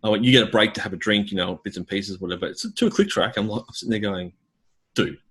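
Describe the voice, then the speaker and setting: A man with a low, husky voice tells gig stories in a relaxed chat. He acts out the other people in his stories and imitates drum sounds as he goes. His delivery is lively and conversational. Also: quick pace. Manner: animated storyteller, mimics voices. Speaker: gigging drummer. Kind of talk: casual chat.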